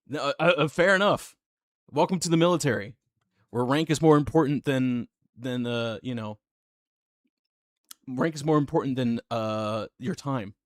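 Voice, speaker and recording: A man's voice: medium pitch, unhurried, no room sound. Laid-back male streamer, dry close sound. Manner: laid-back, chuckling, thanks viewers. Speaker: streamer reacting to videos. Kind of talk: casual live-stream chat.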